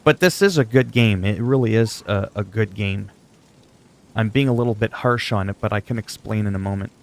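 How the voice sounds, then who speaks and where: A man's voice: lowish voice, brisk. A man from Canada chatting casually on a gaming livestream, joking and rambling while he answers chat.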